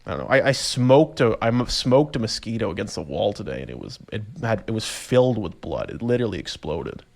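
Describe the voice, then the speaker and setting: A young man, casually rambling through a solo podcast story, animated and self-amused. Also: on the low side, fairly quick, creaky. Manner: rambling, animated storytelling with laughs and voiced reactions. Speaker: podcast host.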